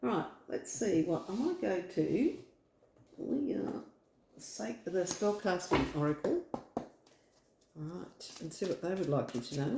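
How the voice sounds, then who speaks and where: A woman's voice: fairly low pitch, lively intonation, a little slow, creaky, pauses often, dark tone, echoey room, slight background noise. A woman with an Australian accent giving a casual, reassuring tarot reading from home, rambling with fillers. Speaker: tarot reader. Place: home room.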